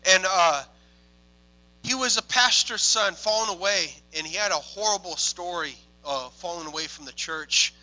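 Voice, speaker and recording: High, bright-voiced excitable male minister. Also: normal speed, rough recording. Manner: excitable, swings from hushed to loud exclamations. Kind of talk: testimony storytelling.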